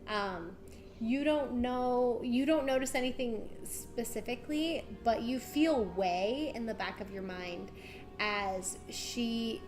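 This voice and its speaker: A woman narrating a tabletop game as game master, relaxed and full of fillers. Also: fairly high pitch.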